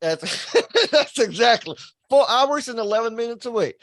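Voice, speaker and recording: A man speaks as a guest in a casual chat, running through a tournament bracket in quick, laughing asides. His voice sits high, and the sound is close and dry. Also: lively intonation, a bit bright, no room sound. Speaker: podcast guest, arm wrestler.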